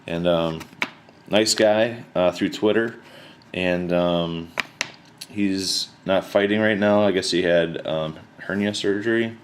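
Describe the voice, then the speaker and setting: A man chatting casually to camera about his collection, rambling and relaxed, with plenty of slang and fillers. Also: deep voice, slow, a little hiss or hum. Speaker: card collector showing his mail returns.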